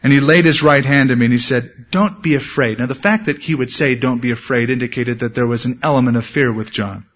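A male pastor preaching a sermon, telling stories with lively asides and acting out quotes. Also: medium pitch, brisk, few pauses. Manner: animated storytelling, shouts acted quotes. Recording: dull lo-fi sound.

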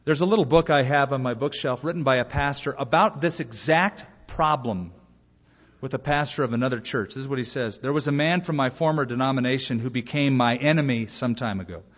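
A male pastor preaching a sermon in a lively way, acting out bits of dialogue between points. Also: medium pitch, fairly quick. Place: church sanctuary. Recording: muffled live recording in a reverberant hall.

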